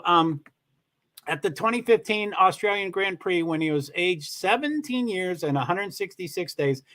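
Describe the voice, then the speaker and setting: A man hosting a live stream, chatting in a rambling, halting way and correcting himself as he goes. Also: a little high, fairly bright tone. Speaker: livestream host. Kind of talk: casual commentary on a live stream.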